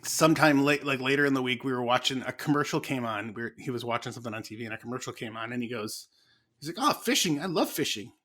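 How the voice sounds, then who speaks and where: A man with a bright, sharp voice at a middle pitch tells a casual story as a podcast co-host. He piles on fillers and restarts as he goes. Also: fast. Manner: animated, many fillers.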